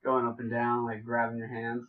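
A man's voice: mid-range voice, monotone, a little fast, shouting, narrow, tinny audio. A man hosting a casual podcast chat, rambling and joking with lots of fillers and restarts. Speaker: podcast host.

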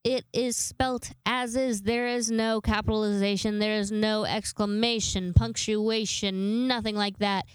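Young woman, solo podcast host, congested, rambly and self-mocking, smooth clear tone in a dry close sound. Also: mid-range voice, steady tone, unhurried, hardly any pauses, no room sound. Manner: rambling, self-deprecating, swears casually. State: congested from a sinus infection. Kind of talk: casual solo podcast monologue.

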